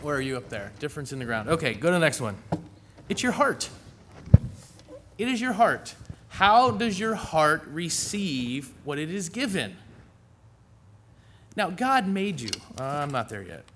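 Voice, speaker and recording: A man's voice: fairly high pitch, sing-song, moderate pace, pushed and bright, a little hiss or hum. A middle-aged man preaching a sermon in a church in a folksy, conversational way, with asides to the congregation.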